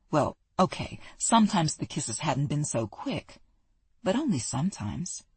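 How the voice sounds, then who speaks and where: An audiobook narrator reading a romance novel in an even, storytelling delivery. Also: medium pitch, slightly rough, no echo. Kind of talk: scripted narration.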